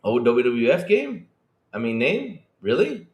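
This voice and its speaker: Animated man greeting a livestream chat. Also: unhurried, roomy sound, muffled recording. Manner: animated, greets chat by name with big pitch jumps. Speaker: podcast co-host.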